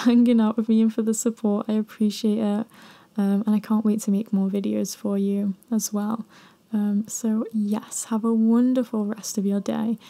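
A young woman giving soft, cheerful commentary over a cosy game. She gushes over small things and drops into quiet whispered asides. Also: fairly high pitch. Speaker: gaming video creator.

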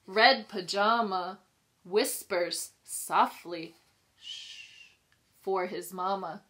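A woman pre-K teacher reading a picture book aloud to young children, sing-song and expressive, pausing to ask them questions. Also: fairly high pitch. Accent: New York. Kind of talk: children's storybook read-aloud.

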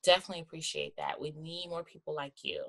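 Lively, bright-voiced woman podcast host. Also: low voice, fast talker, vocal fry. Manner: animated, slangy, calls guest "girl". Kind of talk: casual interview chat.

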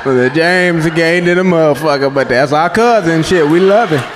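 A man performing a stand-up comedy set, telling profane, animated stories on a club stage before a live audience. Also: on the high side, moderate pace. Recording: live club recording with echo, audience laughter and noise.

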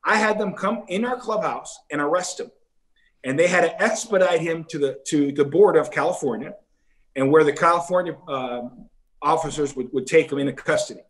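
A man's voice: on the high side, normal speed. A middle-aged man, a former ballplayer, telling stories in a casual interview and acting out other people's lines. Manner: animated storyteller who acts out other people's lines.

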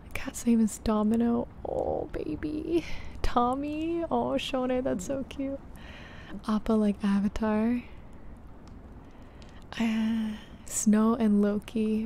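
A young woman speaks in a hushed, half-whispered ASMR style, chatting with her livestream viewers. Her slightly high voice has a mellow, dark tone with a gravelly, fry-laced edge. She talks slowly, with a faint hiss of background noise. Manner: hushed, half-whispered, reading chat names aloud. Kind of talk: soft-spoken ASMR livestream chat.

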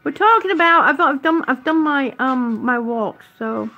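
A middle-aged woman with a high voice talks slowly to her viewers on a live stream, affectionate and chatty. She sounds a little out of breath, and her vowels stretch out. Faint music plays behind her. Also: lively intonation, sharp tone. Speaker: vlogger on oxygen.

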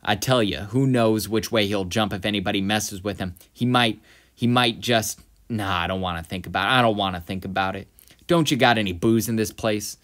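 A man reading aloud the lines of a bitter, drunken aging male vigilante who is breaking down, louder and slower than his own talk, with a lowish voice. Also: lightly acted.

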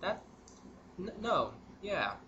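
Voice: medium pitch, very animated, slow, highs cut off. A gamer giving casual let's-play commentary, muttering to themself with sudden yelps and cheers. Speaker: gameplay commentator. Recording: loud background noise.

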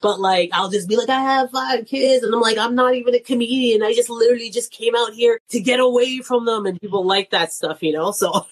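A woman in her thirties, a comedian and nurse, speaks briskly in a voice on the high side. Appearing as a guest in a casual chat, she laughs often and acts out the voices of people she quotes.

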